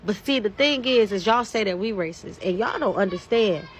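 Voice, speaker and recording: A woman's voice: medium pitch, lively intonation, normal speed, slight background noise. A woman, delivering an angry, profane rant to her followers. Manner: heated, profane, emphatic. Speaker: social media commentator. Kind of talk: angry ranting monologue.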